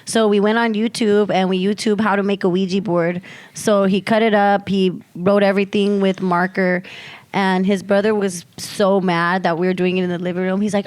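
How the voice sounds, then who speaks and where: A woman's voice: mid-range voice, brisk. A woman co-hosting a casual podcast, telling a story with lots of swearing and acted-out quotes of her friends. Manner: animated storyteller, swears freely, acts out friends' lines. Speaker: podcast co-host.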